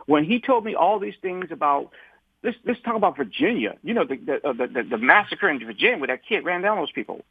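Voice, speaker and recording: Husky man on a tinny phone line. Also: on the high side, lively intonation, brisk, no room sound. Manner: repeats words and restarts often, acts out quoted dialogue. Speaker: civil rights activist guest. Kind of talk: conversational storytelling.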